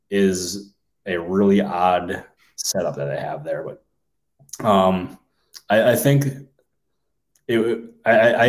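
A man co-hosting a sports podcast, musing casually and thinking out loud with many fillers. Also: low voice. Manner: thinks aloud with many ums and likes. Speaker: podcast co-host, sports reporter.

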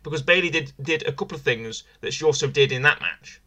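A man with a bright, forceful voice talks through a wrestling review in loose, casual podcast chat. He circles back on his own phrases, restarting and repeating as he goes. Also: on the high side, quick pace. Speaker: podcast co-host.

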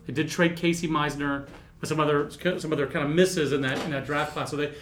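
A man in casual podcast chat about baseball prospects, animated and rambling, poking fun at himself. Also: on the high side, brisk, noisy background. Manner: animated, rambling, self-mocking.

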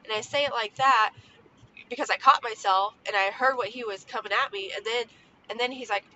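A woman's voice: fairly high pitch, fairly quick, sharp tone. A woman in her thirties hosting a podcast, talking casually about parenting in a rambling, chatty way with lots of fillers. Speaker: podcast host. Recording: slightly dull lo-fi sound with faint background noise.

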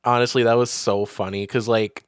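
A young man chatting in a loose, joking way, breaking into laughter as he talks. His voice sits at an ordinary pitch and sounds close and dry, with no room around it. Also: little pitch movement, moderate pace, smooth, no echo. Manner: laughs often, quotes film lines in silly voices. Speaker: podcast co-host. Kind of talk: casual chat.

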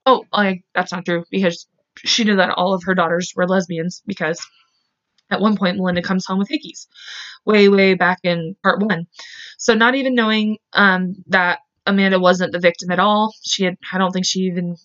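A woman's voice: fairly low pitch, steady tone, moderate pace, fairly bright tone. Chatty woman podcaster, lo-fi sound. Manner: chatty, filler-heavy, emotional, swears openly. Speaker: podcast host. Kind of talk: casual true-crime storytelling.

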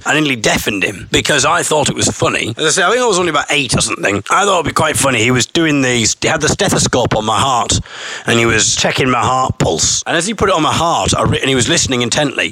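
A man tells a rambling, self-mocking story. His voice is bright and forward, and it is recorded dry, with almost no room sound. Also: mid-range voice, husky, no echo. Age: 30s. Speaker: podcast host. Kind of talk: casual storytelling monologue.

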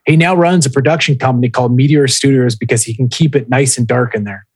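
A man's voice: medium pitch, fast talker, darkish tone, breathy edge, no room sound, rough recording. A man co-hosting a casual podcast, telling a story with lots of swearing and reading listener posts aloud. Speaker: podcast co-host.

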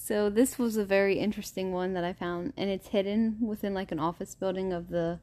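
A woman's voice: medium pitch, steady tone, a little fast, warm tone. A woman hosting a casual podcast, chatty and stumbling over names as she reads. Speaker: podcast host.

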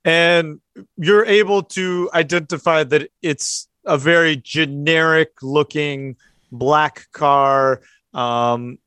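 Halting man narrating as game master. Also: a little high, fairly bright tone, no room sound.

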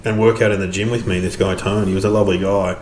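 A man, co-hosting a casual chat, quick and jokey. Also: low-pitched, little pitch movement, darkish tone, slight background noise. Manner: quick, jokey, laughs often. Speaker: co-host. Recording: echoey room with chatter.

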